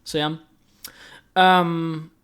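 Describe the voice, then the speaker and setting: A man's voice: fairly high pitch, flat delivery, extremely slow, fairly bright tone, clean tone. A young man from Denmark, explaining a hobby in a rambling, chatty way with many fillers. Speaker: airsoft YouTuber. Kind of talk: casual explainer vlog.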